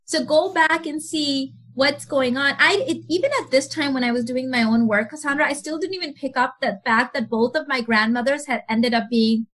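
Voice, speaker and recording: A woman speaking as a mentor guest in a podcast interview, animated, acting out other people's voices and laughing often. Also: high-pitched, moderate pace, hardly any pauses.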